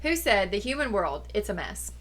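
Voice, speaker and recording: Bright lively female co-host. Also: mid-range voice, moderate pace, faint music behind. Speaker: trivia co-host. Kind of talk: casual live-stream chat.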